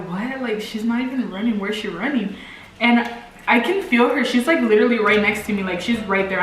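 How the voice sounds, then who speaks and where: A woman's voice: medium pitch, fairly bright tone, a little hiss or hum. Rambling young woman in an echoey room. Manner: rambling, filler-heavy, 'like' often. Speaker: vlog co-host. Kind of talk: casual storytelling chat. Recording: echoey room, mic at a distance, faint music.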